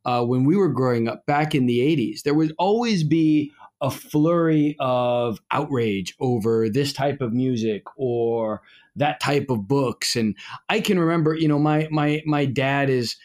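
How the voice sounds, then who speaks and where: Rambling middle-aged priest co-hosting a podcast. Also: male voice, mid-range voice, unhurried, darkish tone. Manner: rambling, frequent fillers and restarts. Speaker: podcast co-host, Orthodox priest. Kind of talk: casual conversational podcast talk.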